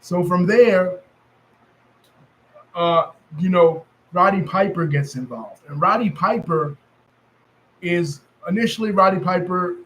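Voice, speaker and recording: A man's voice: sits high, slow pace, long pauses, a bit bright, rough recording. Rambling man with a New York accent. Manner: rambling, many fillers and self-corrections. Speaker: wrestling history commentator. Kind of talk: casual storytelling monologue.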